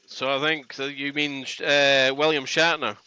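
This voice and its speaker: Chatty, bright-voiced man on a live stream. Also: medium pitch, flat delivery, unhurried, clean tone, dry recording, lo-fi sound. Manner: chatty, rambling, jokey. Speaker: woodworking live stream host. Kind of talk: casual live stream chat. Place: home workshop.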